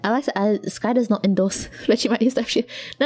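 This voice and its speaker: A woman's voice: medium pitch, darkish tone, faint music behind. Rambling, laughing Australian woman streamer. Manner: laughing, rambling, quick restarts. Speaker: vtuber streamer. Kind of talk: casual chat with live chat.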